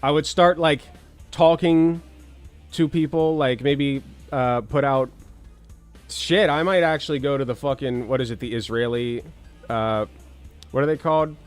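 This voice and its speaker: A man's voice: medium pitch, unhurried, pauses often, soft background music. A man hosting casual political commentary, rambling with sarcastic, crude jokes and swearing.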